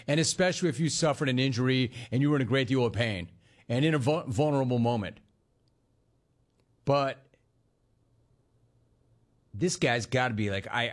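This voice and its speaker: A man hosting a sports talk radio show, delivering an emphatic monologue that repeats lines for effect and talks bluntly to the listener. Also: mid-range voice. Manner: addresses listener directly and bluntly.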